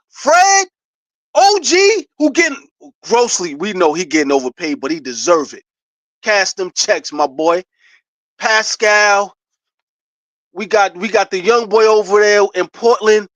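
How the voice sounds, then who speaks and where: A man talks basketball straight to his viewers in a hyped, animated way. The recording is dry and close, with no room sound. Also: high-pitched, no echo. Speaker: sports commentator vlogger. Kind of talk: excited casual basketball talk to viewers.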